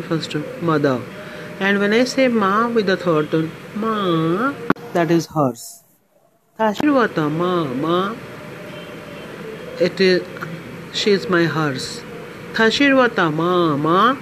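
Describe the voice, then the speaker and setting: Podcast language teacher, woman, deliberate and repetitive, noisy home recording. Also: on the low side. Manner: slow, deliberate teacher, repeating words carefully. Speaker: Mandarin trainer.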